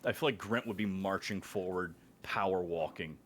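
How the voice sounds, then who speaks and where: Man player, very low voice, casual and halting, faint hiss in the background. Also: a bit bright. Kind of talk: casual tabletop play.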